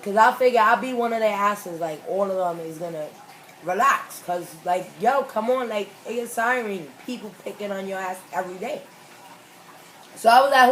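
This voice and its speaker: A woman hosting a mukbang, telling a story in a casual, animated, slangy way and acting out the quoted lines. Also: mid-range voice, normal speed, slight background noise, poor audio. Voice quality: animated, emphatic, slangy retelling with acted-out quotes. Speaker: mukbang host. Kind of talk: casual storytelling while eating.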